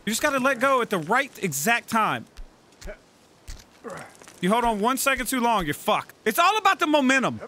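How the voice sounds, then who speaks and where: A man giving excitable, profane gameplay commentary, yelling at and coaching his game character. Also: very high-pitched, moderate pace, long pauses. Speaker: let's play gamer.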